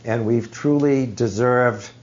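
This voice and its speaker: A man leads a study group, talking slowly and reflectively and pausing to find his words. The recording is dull and lo-fi. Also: medium pitch, darkish tone. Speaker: teacher leading a study group. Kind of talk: explanatory group teaching.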